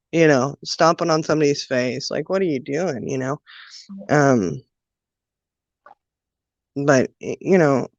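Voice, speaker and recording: Woman guest, personal story, halting and emotional, muffled dry recording. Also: low-pitched, dry recording. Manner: halting, emotional recollection with many fillers. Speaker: guest sharing childhood story. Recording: dull, dry lo-fi sound.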